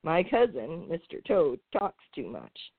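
A woman voicing a wise, grumpy old male frog who speaks slowly in a low, gruff croak. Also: wildly swooping pitch, no echo, exaggerated voice. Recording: tinny phone-like sound.

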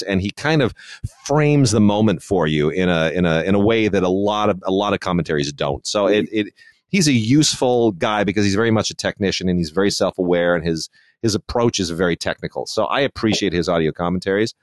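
A man's voice: low-pitched, animated, a little fast, no echo, studio quality. A man co-hosting a casual film chat, opinionated and digressive, with frequent restarts. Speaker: film reviewer, podcast co-host.

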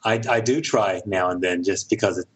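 A middle-aged American man, a director and producer, talks thoughtfully in a casual interview, often pausing and restarting his sentences. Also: sits low, slightly rough, low-quality recording. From United States. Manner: thoughtful, halting, with frequent restarts.

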